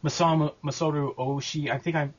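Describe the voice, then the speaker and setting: Husky man rambling through interview answers. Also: fairly high pitch, steady tone, lo-fi sound. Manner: rambling, halting, with many fillers and restarts. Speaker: abridged series creator and voice actor.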